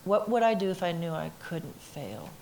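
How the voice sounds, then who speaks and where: Middle-aged woman, singer as panel guest, emphatic storyteller, lowish voice. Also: normal speed, slight background noise. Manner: emphatic, animated storyteller who acts out quotes. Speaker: interviewee, singer. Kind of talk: candid conversation on a panel. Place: conference stage before an audience.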